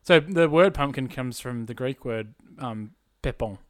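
A man's voice: medium pitch, unhurried, dry recording. Chatty man with a dry, close sound. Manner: chatty, laughs often, trails off mid-sentence. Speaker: podcast co-host presenting facts. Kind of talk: casual chat.

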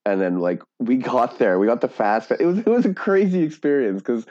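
A man's voice: mid-range voice, expressive, brisk, a little mellow, slight background noise. A man in his thirties telling a story in casual chat, laughing often and putting on other people's voices. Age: 30s. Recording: dull lo-fi sound.

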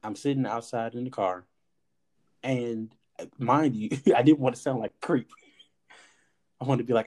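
A man in casual podcast chat, telling a personal story with animated energy. He acts out the lines people said to him and drops the odd curse word. His voice sits at an ordinary middle pitch. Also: normal speed, long pauses. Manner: animated storyteller, acts out quoted dialogue, swears. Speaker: podcast host.

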